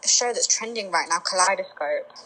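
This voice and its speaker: A young woman co-hosting a podcast over a phone call, chatty and quick to laugh. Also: lowish voice, pushed and bright, breathy edge. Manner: chatty, laughing, eager interjections. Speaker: podcast co-host. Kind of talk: casual chat.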